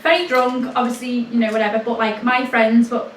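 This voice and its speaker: Brief: bubbly woman in her twenties, high-pitched, distant and roomy sound. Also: a little fast. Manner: animated, laughs often, lots of fillers. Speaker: podcast co-host. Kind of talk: casual chat, storytelling. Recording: echoey room, far from mic, faint noise.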